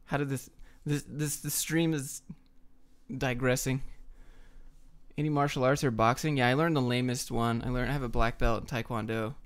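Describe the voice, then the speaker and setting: A man's voice: medium pitch, steady tone, normal speed, smooth. A young adult man hosting a livestream, answering viewer questions in a blunt, joking, offhand way. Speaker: livestream host. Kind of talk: casual chat reading viewer questions.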